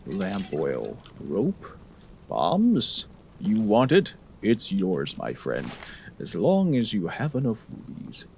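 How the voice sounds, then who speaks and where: A man voicing a pushy fantasy shopkeeper in a low, drawling sales pitch. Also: huge pitch swings, takes it slowly, gravelly, a little mellow, slight background noise, full character voice. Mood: salesy.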